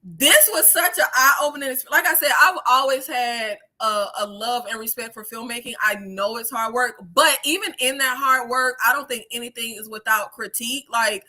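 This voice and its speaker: High, bright-voiced woman chatting animatedly. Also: normal speed, hardly any pauses. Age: 30s. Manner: animated, swearing freely, laughing, using many fillers. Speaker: YouTube creator. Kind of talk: casual livestream chat.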